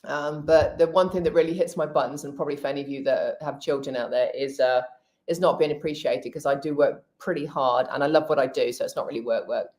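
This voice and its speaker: A woman's voice: sits low, steady tone, quick pace, darkish tone. A middle-aged woman, a hypnotherapist and healer, chatting candidly on a live stream and giving practical tips. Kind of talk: casual live-stream chat.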